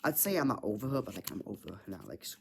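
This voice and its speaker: A man's voice: fairly low pitch, big pitch swings, rapid-fire, gravelly, slight background noise. A man rambling through a personal story in casual chat, full of filler words and frequent swearing. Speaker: vlogger.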